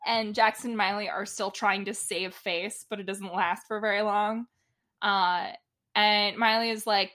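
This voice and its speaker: A woman co-hosting a casual podcast, retelling a TV episode with exasperated, animated commentary and quoted lines. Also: mid-range voice, moderate pace. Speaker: podcast co-host recapping a TV episode. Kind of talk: casual chat.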